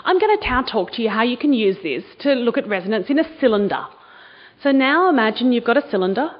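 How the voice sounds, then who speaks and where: A woman's voice: fairly high pitch, expressive, quick pace, dull audio. A woman giving a university science lecture to students, enthusiastic and quizzing the audience. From Australia. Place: lecture hall.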